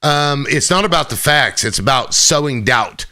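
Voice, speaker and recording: A man's voice: medium pitch, lively intonation, moderate pace, pushed and bright. A man hosting a casual political talk show, reading viewer comments aloud and reacting bluntly. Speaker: host.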